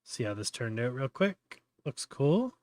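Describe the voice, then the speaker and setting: A man's voice: medium pitch, very animated, unhurried, a little mellow, no echo. Casual man talking through a tutorial. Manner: thinks aloud, many fillers and restarts. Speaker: host.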